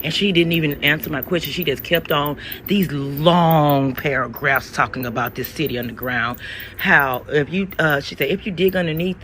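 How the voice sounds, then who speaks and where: A man telling a strange personal story in a casual, animated way, speaking to his listeners as y'all. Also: a little high, normal speed, a little hiss or hum. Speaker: storyteller in a social media clip.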